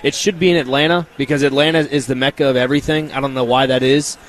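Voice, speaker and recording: A man, co-hosting a casual sports radio show, quick and joking. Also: mid-range voice, fairly even intonation. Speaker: radio co-host.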